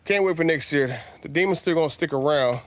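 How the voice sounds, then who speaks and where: A man with a Southern US accent rambling casually as a car vlogger outdoors, drawing out his words and breaking into sudden high exclamations. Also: dry recording. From Southern United States. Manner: laid-back, drawn-out talk with sudden high exclamations.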